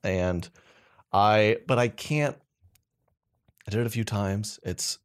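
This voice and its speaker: A man's voice: fairly low pitch, takes it slowly, clear, resonant tone. A man co-hosting a comedy podcast, rambling through stories with restarts and self-mocking jokes. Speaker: podcast co-host. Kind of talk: casual comedy chat.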